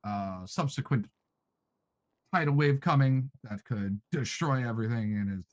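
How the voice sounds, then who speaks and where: A man recapping the story lore of a role-play game in an easygoing, measured way. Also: medium pitch, no echo, rough recording. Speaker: player recounting the story lore.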